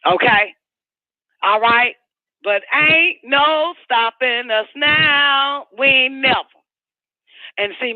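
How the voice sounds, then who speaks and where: High-voiced man ranting on a tinny line. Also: no echo. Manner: profane, emphatic, preachy storytelling. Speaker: radio show host. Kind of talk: ranting radio monologue. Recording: tinny phone-like line, dry.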